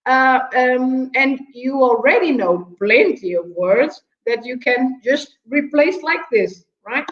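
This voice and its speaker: A woman's voice: sits high, lively intonation, takes it slowly. A woman with a Portuguese accent, a native speaker patiently explaining vocabulary on a talk show, with frequent chuckles and a habit of asking "right?". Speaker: language teacher guest. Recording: roomy, slightly dull audio.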